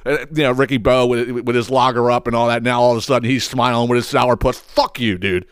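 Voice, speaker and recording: A man's voice: medium pitch, steady tone, fast talker, clean tone, no echo, clean studio sound. A young man hosting a podcast, ranting bluntly and with lots of cursing, exasperated. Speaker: podcast host.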